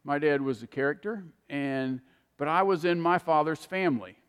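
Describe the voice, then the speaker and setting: A man preaching a sermon, repeating key words for emphasis with slow, deliberate phrasing. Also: fairly high pitch, clear, resonant tone, long reverb tail.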